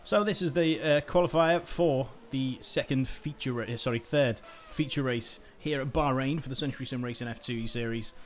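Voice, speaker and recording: A man's voice: mid-range voice, normal speed, hardly any pauses. Chatty male sim-racing commentator. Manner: chatty, rambling, self-deprecating. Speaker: host commentator. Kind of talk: live esports commentary.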